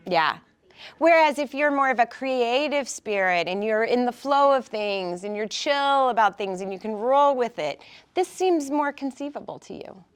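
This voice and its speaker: A woman's voice: on the high side, moderate pace, smooth. Woman coaching a small group. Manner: animated, warm coaching, frequent "right?". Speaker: group speaker. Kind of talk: casual talk to a small group. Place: indoor room with an audience.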